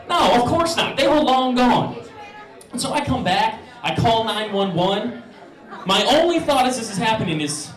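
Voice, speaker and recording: A young man tells a stand-up story in an animated, profane way, slipping into voices for the people in it. His voice sits very high for a man. He sounds set back from the mic, with an echoey club room around him. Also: moderate pace, far from the mic. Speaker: stand-up comedian.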